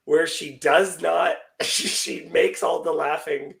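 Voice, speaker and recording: A man's voice: on the high side, steady tone, takes it slowly, creaky, fairly bright tone. A man chatting as a podcast guest, telling joking stories with animation. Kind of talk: casual chat.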